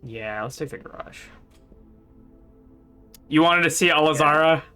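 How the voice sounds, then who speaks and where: A man's voice: a little high, unhurried, pushed and bright, smooth, faint music behind. A man chatting casually as he live-streams a video game, thinking aloud and laughing often.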